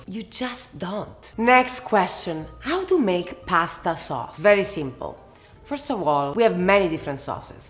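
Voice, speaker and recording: Italian-accented woman, cooking host, lowish voice, emphatic and expressive, faint music underneath. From Italy. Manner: expressive and emphatic, lingers on words. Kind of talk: casual cooking tutorial with Q&A.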